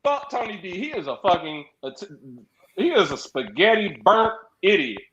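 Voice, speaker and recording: High, animated man ranting about wrestling. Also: moderate pace, roomy sound, highs cut off. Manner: excitable, laughs often, profane. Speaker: podcast co-host. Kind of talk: casual wrestling chat.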